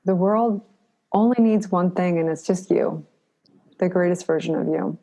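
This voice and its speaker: A middle-aged woman answers interview questions in a low voice with plenty of vocal fry. She sounds earnest and encouraging. She often repeats a phrase to drive her point home. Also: moderate pace, warm tone. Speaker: podcast guest.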